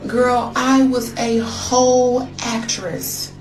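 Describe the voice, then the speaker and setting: A woman's voice: fairly high pitch, steady tone, very slow, echoey room, loud music behind the voice. An American woman telling a story in a casual, slangy, dramatic way. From United States. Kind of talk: casual storytelling on social media.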